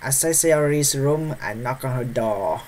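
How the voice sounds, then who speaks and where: A man's voice: mid-range voice, expressive, measured pace, darkish tone, a little hiss or hum. A male streamer reading a visual novel's text aloud during a live let's play, breaking into startled yelps and nervous laughs. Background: faint game music.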